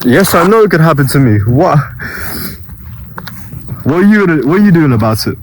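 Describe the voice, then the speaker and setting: Young male vlogger, slightly high voice, rambly casual storyteller, faint background hiss. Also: big pitch swings, moderate pace, rough recording. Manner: rambling, with many restarts and acted quotes. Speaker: self-improvement vlogger.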